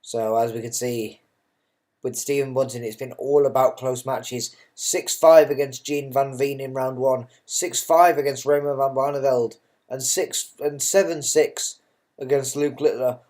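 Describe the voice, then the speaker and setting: A man's voice: medium pitch, steady tone, a little slow, a little mellow. A man giving casual, unscripted darts commentary, chatty and self-mocking, who swears freely and drifts into ranting asides.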